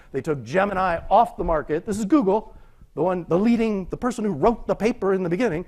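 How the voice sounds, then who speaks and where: Male conference speaker, slightly high voice, casual, rhetorical questions. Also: animated, fairly quick, vocal fry. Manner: conversational, rhetorical questions, frequent "right?". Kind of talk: conference talk. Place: lecture room.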